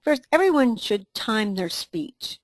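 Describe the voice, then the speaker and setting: A woman co-presenting a training webinar, reading a scripted dialogue in an even, instructive way. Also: fairly high pitch, slow, no room sound.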